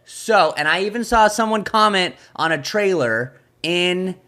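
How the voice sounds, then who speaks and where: Give me a young man co-hosting a podcast, casual and lively, with a very expressive voice. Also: unhurried. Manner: lively, jumps up and down in pitch, laughs easily. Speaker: podcast co-host. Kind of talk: casual chat.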